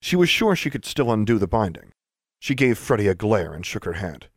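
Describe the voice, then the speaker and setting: A man narrating a fantasy story in steady, scripted storytelling. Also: lowish voice, brisk, dry recording, studio quality. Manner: steady storytelling, lively intonation. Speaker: audiobook narrator.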